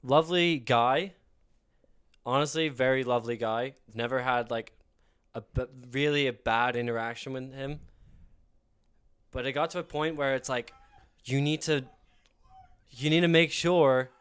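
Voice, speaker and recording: A young man co-hosting a podcast, talking in halting casual chat full of fillers. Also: mid-range voice, a bit bright, clean tone.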